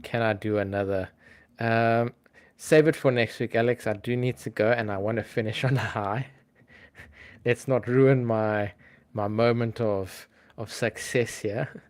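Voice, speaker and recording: A man hosting a casual livestream, talking to his chat in a relaxed, chatty way with frequent ums. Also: mid-range voice, unhurried. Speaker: livestream host.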